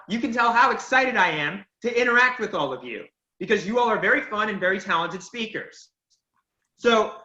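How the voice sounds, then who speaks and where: A man's voice: high voice, bright, forceful tone. A man teaching a public speaking class, giving feedback and recapping the lesson in an encouraging, emphatic way. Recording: lo-fi echoey room audio.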